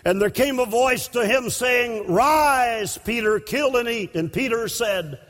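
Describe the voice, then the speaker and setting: A man with a strikingly high voice preaches a sermon in a church. He takes his time and lets each phrase land, then rises into shouts for emphasis. His voice rings out with a long hall reverb. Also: measured pace. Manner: impassioned, breaking into shouts for emphasis.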